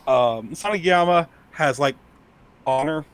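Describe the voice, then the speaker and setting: A man co-hosting a podcast, chatting casually in a halting way with plenty of fillers. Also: fairly high pitch, clear, resonant tone. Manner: halting, filler-heavy, lots of "like". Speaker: podcast co-host. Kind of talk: casual chat.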